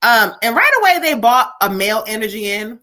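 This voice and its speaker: Bright hoarse-edged woman host, rushing through a busy live reading lineup with laughs. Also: a little high, expressive. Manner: quick, busy, lots of laughing asides. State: voice going hoarse. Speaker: host and psychic reader. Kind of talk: live stream reading chat.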